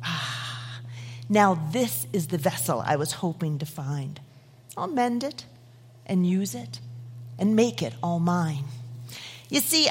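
A woman gives voice to a gentle master potter who chooses the humble vessel. The voice is soft, breathy and low-set, sometimes sinking into a whisper. It sounds kind and tender. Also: in a large hall, full character voice.

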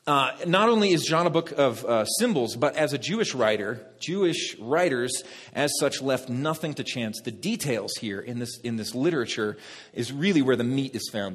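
A male pastor preaching a sermon, lively, talking directly to the congregation. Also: medium pitch, slightly rough. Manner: lively, talks to the congregation, laughs at own jokes. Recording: long reverb of a hall.

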